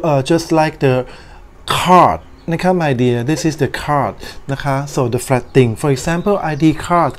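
A woman with a Thai accent, a native Thai speaker, teaching a recorded language lesson in English, explaining slowly and carefully and adding Thai polite particles. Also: sits low, a little mellow.

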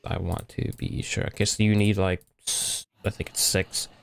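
A man's voice: deep voice, level tone, moderate pace, gravelly, a little hiss or hum. A young man giving casual, rambling commentary while playing a block-building game, talking to himself as he goes. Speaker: gaming YouTuber. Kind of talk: casual Minecraft let's play commentary.

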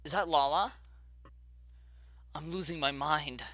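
A man hosting his gaming channel, narrating a horror game as he plays, jittery and saying how scared he is, with sudden loud yelps. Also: a little high, slow, no echo. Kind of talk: horror game let's play commentary.

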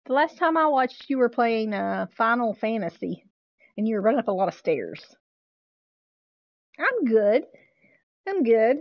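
A woman streaming a game live, chatting casually with viewers, excitable and swearing freely. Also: a little high, measured pace, long pauses, no room sound, muffled recording.

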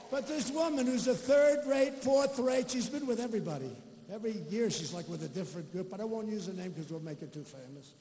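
High, booming rally speaker in an echoey arena. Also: male voice, mellow, slight background noise. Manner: boastful, rambling, mocking asides. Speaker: politician. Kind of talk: campaign rally speech. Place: large indoor rally venue. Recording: echoey arena with crowd ambience.

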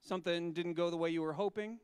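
A male pastor talking gently with children and asking them questions, then reading scripture slowly and solemnly. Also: high voice, fairly even intonation, smooth, dry recording.

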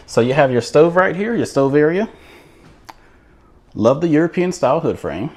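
A man with a fairly high, a little mellow voice narrates a casual tour of a manufactured home show model, filming on a handheld camera as he walks. He is expressive and speaks at a moderate pace, chatty and enthusiastic, with repeated words.

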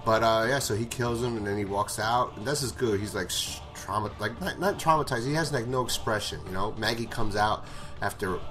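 A man's voice: lowish voice, a little fast, fairly bright tone, soft background music. A man recapping a TV episode in a casual, rambling way, swearing and laughing often. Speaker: show reviewer.

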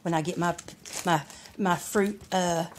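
A woman's voice: fairly low pitch, steady tone, measured pace, a little hiss or hum. Chatty woman showing off purchases. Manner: chatty, folksy, rambling show-and-tell. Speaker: vlogger. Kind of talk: casual haul vlog.

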